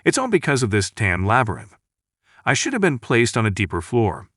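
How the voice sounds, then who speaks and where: A man's voice: mid-range voice, huge pitch swings, brisk, fairly bright tone, dry recording, studio quality. A man reading the lines of a brash dead warrior ghost who boasts and mocks, in a recap narration. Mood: annoyed. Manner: boastful, scolding, mocking. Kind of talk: recap narration with read-out dialogue.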